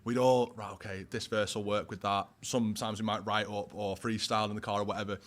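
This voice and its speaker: A man's voice: on the low side, level tone, fairly quick. A man in his twenties with a Northern English accent, a guest musician chatting casually, slangy and full of fillers, a little tipsy after a pint. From Warrington, England. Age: 20s. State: a bit tipsy. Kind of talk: casual chat.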